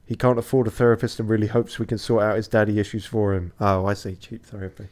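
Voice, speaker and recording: A man's voice: on the low side, level tone, fast, darkish tone. A tired young man chatting casually as he streams a video game, swearing now and then in a loose, unpolished way. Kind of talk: casual commentary.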